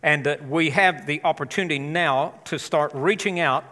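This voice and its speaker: A man's voice: a little high, moderate pace, bright, forceful tone. A man preaching a live church sermon, chatty and enthusiastic, rallying the congregation. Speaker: pastor. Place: large church auditorium. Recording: long hall reverb.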